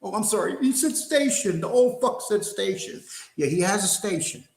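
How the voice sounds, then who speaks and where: With a high-pitched, animated voice at a moderate pace, an older livestream host launches into an angry rant that's profane, combative, and mocking. The room gives his voice a noticeable echo.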